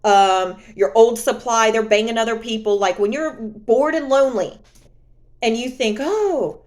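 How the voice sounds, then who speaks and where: A woman's voice: on the high side, normal speed, a little mellow. A woman vlogger talking straight to camera in a sassy, indignant, emphatic way. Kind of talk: candid vlog monologue.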